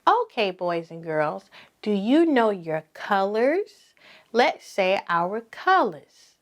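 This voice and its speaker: Slow, sing-song preschool teacher woman. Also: mid-range voice, big pitch swings. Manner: repeats each word slowly for children to echo, encouraging.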